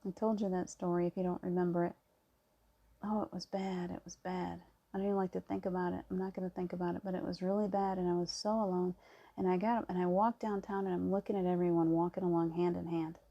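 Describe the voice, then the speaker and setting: A middle-aged woman talks to her viewers in a calm, soft-spoken way. Her voice sits a little low and sounds mellow and warm. She tells a personal story with gentle, reassuring emphasis. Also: fast talker, muffled recording. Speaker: spiritual vlogger. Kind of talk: casual spiritual monologue.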